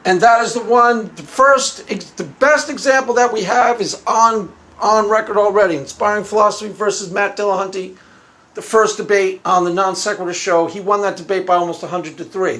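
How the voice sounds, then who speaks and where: A man with a notably high voice talks through a loose, rambling commentary. He repeats himself, chuckles often and keeps a casual, offhand tone. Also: fairly bright tone. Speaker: YouTube commentator. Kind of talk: casual monologue.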